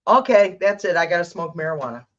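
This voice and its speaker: On a casual livestream, a psychic tarot reader hosts, her fairly low, expressive voice moving fast. She rants bluntly and rambles, restarting her sentences, and the stream audio sounds dull and lo-fi.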